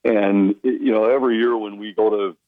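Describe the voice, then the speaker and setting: A man who works as a hockey broadcaster, chatting casually on a radio show and telling anecdotes with quick imitations of the people he quotes. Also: fairly low pitch, steady tone, no echo, phone-quality sound. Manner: storytelling, mimics others' voices in quotes.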